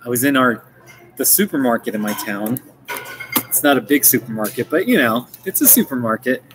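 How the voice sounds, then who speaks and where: A man's voice: medium pitch, lively intonation, brisk, noisy background. An American man chatting casually on a livestream, rambling with lots of restarts and fillers. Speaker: livestream host. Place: coffee shop. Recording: faint café ambience.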